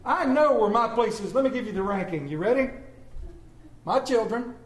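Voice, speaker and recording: A man's voice: extremely high pitch, lively intonation, normal speed, echoey room. A man preaching a sermon, telling stories with humor and calling for responses. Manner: storytelling with humor, call and response. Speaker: pastor.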